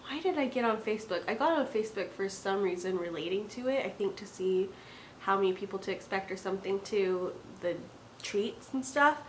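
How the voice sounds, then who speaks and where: A young mother talks straight to her viewers in an earnest, rambling way, full of "like" and "um". Her voice sits at an ordinary middle pitch for a woman. A faint hiss of noise runs under the recording. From Oregon. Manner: earnest, chatty, many fillers and "like". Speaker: stay-at-home mom vlogger. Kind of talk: casual storytelling to camera.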